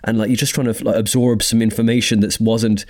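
A man's voice: fairly low pitch, level tone, fairly quick, darkish tone. A man hosting a casual chat, musing aloud with lots of fillers.

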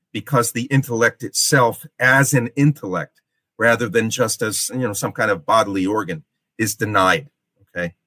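A man giving a literature lecture, deliberate and explanatory, often checking in with "okay?". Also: medium pitch, a bit bright, no echo.

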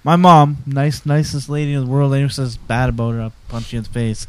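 A man's voice: medium pitch, steady tone, brisk, smooth, dry recording. A middle-aged man co-hosting a podcast, crude and joking, rambling through stories in casual banter. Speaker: podcast co-host.

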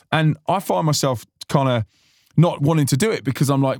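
A man's voice: fairly high pitch, brisk, darkish tone, dry recording, studio quality. A man hosting a podcast, chatting casually and earnestly, rambling with many restarts. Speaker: podcast host and musician. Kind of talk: casual reflective chat.

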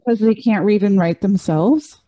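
A woman in casual podcast banter, reacting with drawn-out remarks and giggles. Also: mid-range voice, warm tone, lo-fi sound. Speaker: podcast co-host.

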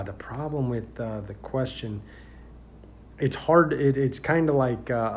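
Guy, sheriff's deputy type, rambling through a story with lots of uhs, average pitch, gets pretty loud and worked up. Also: a little hiss or hum. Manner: rambling with many fillers, grows loud and animated in retelling. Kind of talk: casual storytelling.

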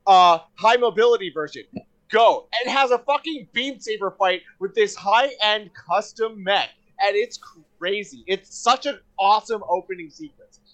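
A man in casual podcast chat, excitable and rambling, swearing often with lots of fillers. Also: sits high, moderate pace.

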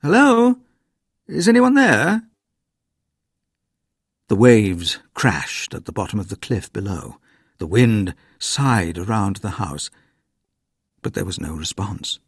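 Man reading a spooky story, low gravelly voice, husky, dry close sound. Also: measured pace, dry recording. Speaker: narrator. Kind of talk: scripted storybook narration.

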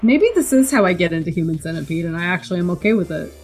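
A woman's voice: lowish voice, expressive, racing, a little mellow, breathy edge, soft background music. A woman co-hosting a podcast, reacting expressively and giggling during a movie watch-along. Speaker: podcast co-host. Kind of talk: casual watch-along banter.

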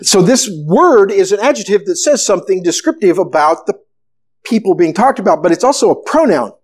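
A man preaching a sermon, retelling a story with animated, storytelling delivery. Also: high voice, brisk, husky. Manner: animated storytelling, acting out the disciples' panic. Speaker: pastor.

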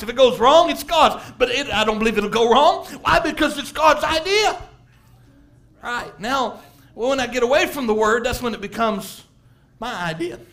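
A middle-aged man preaching a sermon as pastor, animated, laughing and acting out quotes from people. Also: very high-pitched.

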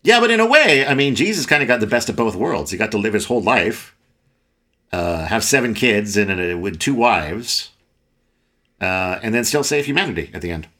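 A man in casual conversation about a movie, animated and laughing as he acts out characters' lines. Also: on the low side, moderate pace. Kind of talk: casual film discussion.

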